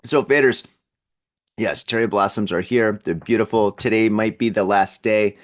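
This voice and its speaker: A man's voice: lowish voice, normal speed. Rambling, chuckling male podcast host. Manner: rambling, repeats words, chuckles often. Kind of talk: casual solo podcast monologue. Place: at home in an apartment building.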